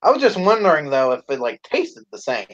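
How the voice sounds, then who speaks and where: A man's voice: fairly high pitch, very animated, a little fast. Profane man chatting on a lo-fi stream. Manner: profane, laughing, acts out quoted lines loudly. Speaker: live stream co-host. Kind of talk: casual live stream chat.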